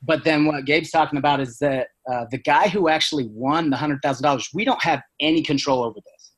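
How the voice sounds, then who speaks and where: Chatty man, fairly high voice. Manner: rambling, fast, full of fillers and "right?". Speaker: business owner, guest. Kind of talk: casual podcast chat.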